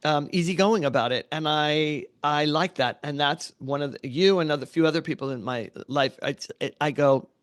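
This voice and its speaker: A middle-aged man co-hosting a podcast in casual chat, animated, swearing freely and acting out quotes. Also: on the high side, normal speed, hardly any pauses, no room sound, studio quality. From United States. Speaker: podcast co-host.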